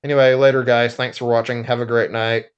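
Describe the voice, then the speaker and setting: A man's voice: medium pitch, little pitch movement, a little fast, smooth, dull audio. A tired man streaming a video game, chatting casually and rambling with many filler words and restarts. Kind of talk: casual live-stream chat.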